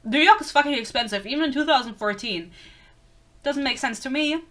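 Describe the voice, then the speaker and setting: A woman's voice: high-pitched, fairly quick, a bit bright. A young woman giving a blunt, sarcastic book rant, swearing freely and laughing often, recorded indoors close to the camera. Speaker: book reviewer.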